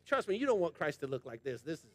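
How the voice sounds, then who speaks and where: Male pastor, high voice, passionate colloquial sermon, dry close sound. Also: sing-song, quick pace, a bit bright, no room sound. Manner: passionate, emphatic preaching with repetition; colloquial, addresses congregation as y'all.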